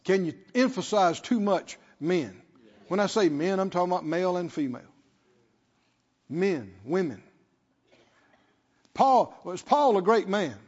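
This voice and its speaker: A man's voice: high voice, lively intonation, a little slow, pauses often, darkish tone. A man preaching a sermon as pastor, leading call-and-response and repeating phrases with emphasis. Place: church sanctuary. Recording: long reverb, dull lo-fi sound.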